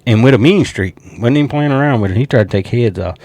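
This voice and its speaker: Animated Southern man predicting football. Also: medium pitch, quick pace, no room sound. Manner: animated, jokey, talks straight to viewers. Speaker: sports show host. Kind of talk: casual sports prediction talk.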